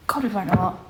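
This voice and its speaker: A woman's voice: mid-range voice, background noise. Chatty echoey young woman from Scotland. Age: 20s. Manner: chatty, rambling, self-correcting. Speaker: livestream host. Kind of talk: casual livestream chat reading comments. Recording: echoey room.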